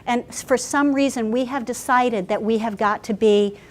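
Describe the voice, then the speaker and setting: A woman pastor telling stories in a workshop talk, animated and chatty with frequent restarts. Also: a little high, moderate pace.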